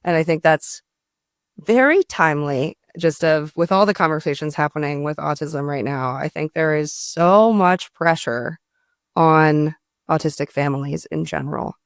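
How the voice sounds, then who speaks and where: Thoughtful podcast host, smooth clear voice, lots of likes and ums, dry sound. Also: mid-range voice, moderate pace, dry recording. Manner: thoughtful, reflective, with frequent fillers. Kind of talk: casual interview talk.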